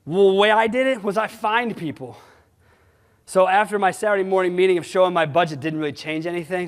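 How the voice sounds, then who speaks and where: A man giving a conference talk, blunt and animated, throwing rhetorical questions at his audience. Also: sits high, brisk. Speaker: sales management conference speaker. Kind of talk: conference presentation. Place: conference hall. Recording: long hall reverb.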